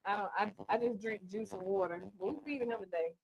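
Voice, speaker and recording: A woman's voice: medium pitch, fast talker, husky, highs cut off. A woman hosting a live cooking show, chatting and teasing her guests in a playful way.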